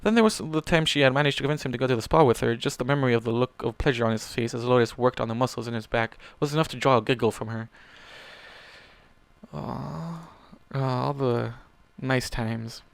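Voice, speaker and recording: A man's voice: medium pitch, racing, hardly any pauses, clean tone, no echo. Man reading fan fiction aloud. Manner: plain reading, self-corrections, casual asides. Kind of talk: story reading with asides.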